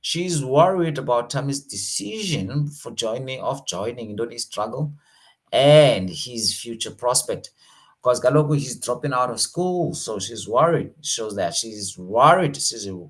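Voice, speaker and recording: A South African man teaching an online exam revision lesson, casual and slangy, switching between languages. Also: mid-range voice.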